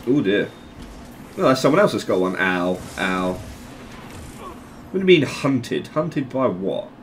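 A man giving casual, rambling commentary over a video game, joking, laughing often and breaking into loud exclamations. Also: medium pitch, very animated, slow pace, slight background noise. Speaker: gameplay commentator.

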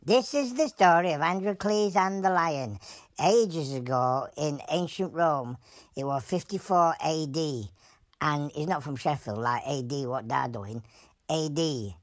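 A woman voicing an animal who tells a rambling story in broad Yorkshire dialect, deadpan and plain-spoken. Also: low voice, measured pace, no room sound, clean studio sound. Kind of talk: comic animal voice-over.

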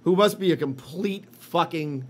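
Man, podcast co-host, animated, profane, fairly high voice. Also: measured pace. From Boston. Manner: animated, swearing, mocking impressions. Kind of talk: casual profane chat.

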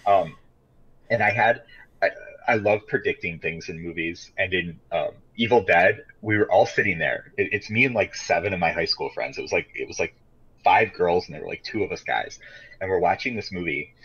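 Deep husky guy, dull lo-fi audio. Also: moderate pace, fairly bright tone. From Michigan, USA. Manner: rambling storyteller with many fillers, swears freely. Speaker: podcast co-host. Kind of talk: casual chat.

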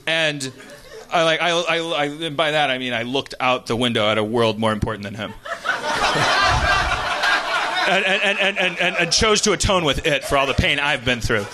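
A man's voice: fairly high pitch, normal speed, pauses often, heavy background noise. A man hosting a comedy podcast, telling a story animatedly with lots of swearing and laughter. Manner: animated, profane, laughing while telling stories. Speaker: podcast host.

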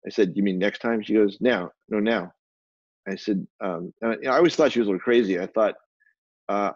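A man's voice: fairly low pitch, brisk, a little mellow, husky, no echo. An American man as an interview guest, rambling through candid stories and acting out what others said to him. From United States. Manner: rambling, acts out quoted dialogue. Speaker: guest photographer and publisher. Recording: dull lo-fi dry recording.

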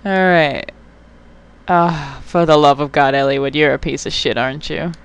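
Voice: mid-range voice, fairly even intonation, normal speed, clean tone. A young adult gamer giving casual let's play commentary, swearing often, getting worked up and talking back to the game.

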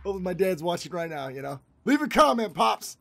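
A man's voice: high-pitched, very animated, quick pace, vocal fry, a bit bright. A man giving casual let's-play commentary as a gaming channel host, rambling, repeating himself and swearing freely.

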